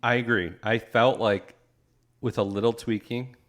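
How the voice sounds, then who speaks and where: A man co-hosting a podcast, chatting casually in a relaxed way with frequent restarts. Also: medium pitch, unhurried. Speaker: podcast co-host. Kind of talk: casual chat.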